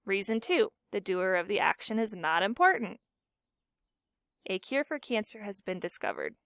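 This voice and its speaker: A woman's voice: medium pitch, very animated, moderate pace, fairly bright tone, no room sound, clean studio sound. A woman teacher walking her students through a grammar lesson, asking questions and answering them herself. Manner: clear explanatory teacher talk with questions to students.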